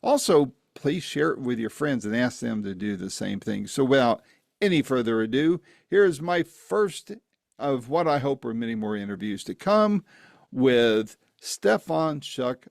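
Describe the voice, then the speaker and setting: A man's voice: mid-range voice, gravelly, dry recording, clean studio sound. A man hosting a podcast, giving a friendly, folksy intro and then interviewing a guest. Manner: friendly, folksy, with promo asides. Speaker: podcast host. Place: East Tennessee, home setup.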